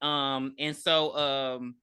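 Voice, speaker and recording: A woman's voice: very deep voice, little pitch movement, drawn-out words, bright, forceful tone, smooth. A woman podcast host giving a casual, profane movie recap with emphatic storytelling.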